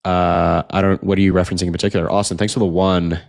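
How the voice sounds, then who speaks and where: A man's voice: sits low, flat delivery, vocal fry, a little mellow. A young man hosting a late-night political livestream, ranting earnestly, repeating himself, and reading out chat donations while sounding tired. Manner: earnest, repetitive, fast rants with filler "like".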